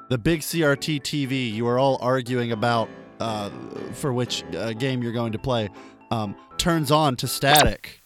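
A man co-hosting a comedy podcast, joking, laughing often and narrating a silly made-up scene. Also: medium pitch. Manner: jokey, laughs often, slides into silly voices. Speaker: podcast co-host and game narrator.

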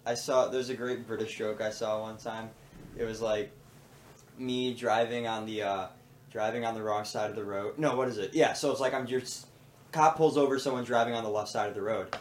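A man's voice: on the low side, fairly even intonation, brisk. A young man co-hosting a podcast, joking and teasing in casual chat. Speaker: podcast co-host. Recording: echoey room with faint noise.

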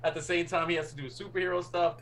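Guy co-hosting a podcast, bright forceful voice, kinda high, faint hum behind. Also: steady tone, fast, vocal fry. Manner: enthusiastic, laughs often. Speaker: podcast co-host. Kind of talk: casual chat.

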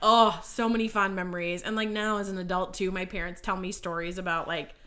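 A woman in her thirties chats casually as a podcast co-host, telling lively family stories. Her voice is bright and clear, and she often bursts out laughing. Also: on the low side, fairly quick, slight background noise. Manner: animated storyteller, breaks into loud laughter. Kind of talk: casual chat.

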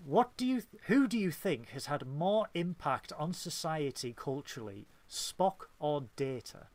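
A man's voice: fairly high pitch, expressive, unhurried, dry recording. A man with a northern English accent, co-hosting a podcast, reading out fan questions in a casual, giggly, apologetic and playful way. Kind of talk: casual chat.

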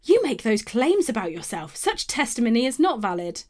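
A woman's voice: fairly high pitch, big pitch swings, normal speed. A woman voicing scornful middle-aged male religious leaders with indignant, mocking questions in a Bible reading.

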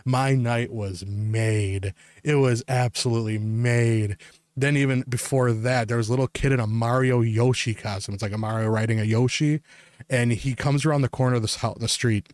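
A man's voice: mid-range voice, steady tone, normal speed, a little mellow, no room sound. A young man hosting a podcast, telling a long story in casual, rambling chat full of filler words. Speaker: podcast host.

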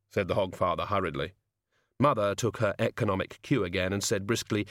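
A man giving a wry, expressive audiobook narration. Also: lowish voice, brisk, no room sound, clean studio sound. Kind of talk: scripted narration.

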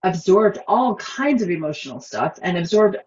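A woman hosting a casual interview, talking in an animated, expressive way about emotions at work. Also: mid-range voice, moderate pace, muffled recording, a little hiss or hum. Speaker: podcast host.

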